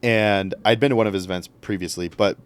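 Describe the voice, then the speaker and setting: A man's voice: lowish voice, fast, clean tone. A young man, a podcast guest, telling a story casually and acting out what others said. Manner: animated, acts out quotes.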